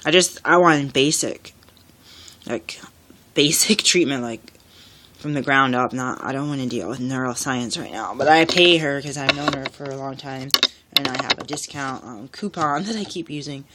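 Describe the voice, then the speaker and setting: A woman's voice: extremely low pitch, moderate pace. Tired rambling woman, noisy recording. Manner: rambling, tired, lots of fillers. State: exhausted. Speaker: single parent vlogger. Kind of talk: rambling personal vlog.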